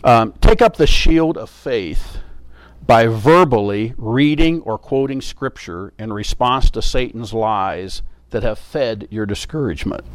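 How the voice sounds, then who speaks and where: A man delivering a sermon with earnest emphasis, coming back to his key phrases again and again. His voice sits at an ordinary middle pitch and is recorded dry and close, with no room sound. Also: no room sound. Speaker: preacher.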